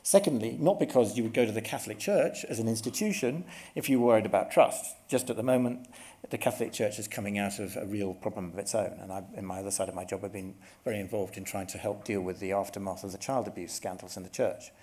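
Speaking fast in a warm, lowish voice, a middle-aged workshop speaker gives a conference presentation. He explains things earnestly and frequently starts his sentences over.

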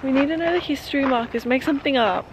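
A woman's voice: high-pitched, fast talker. A young woman chatting to the camera as a travel vlogger, playful and laughing often, filmed on a handheld camera in a car and outdoors. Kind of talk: casual vlog chat to camera. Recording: noisy outdoor and car recording. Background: car and street noise.

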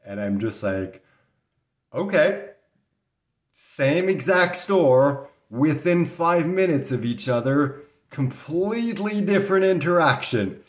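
Speaking a little slowly and expressively in a voice on the high side, with hardly any pauses, a Canadian vlogger rambles through a story to the camera. He's casual but sometimes indignant, coughs now and then, and the room is echoey.

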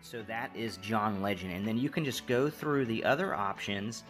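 A man's voice: lowish voice, normal speed, music in the background. Easygoing man walking through phone settings. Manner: easygoing, repetitive instructions with fillers. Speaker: tech tutorial host. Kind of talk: step-by-step screen tutorial.

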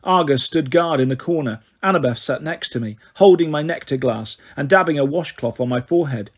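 A man narrating an audiobook in the first person, with steady, quick storytelling. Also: on the high side, husky. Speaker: audiobook reader.

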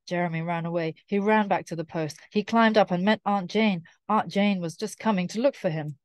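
A woman reading a children's storybook aloud in a clear, careful way, repeating key phrases slowly. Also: on the low side, dry recording, clean studio sound. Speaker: storybook reader.

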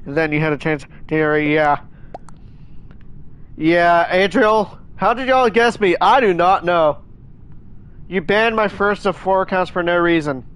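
A man streaming a game live, chatting in a rambling, excitable way and scolding his chat, with many restarts. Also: high voice, a little slow, long pauses, clear, resonant tone.

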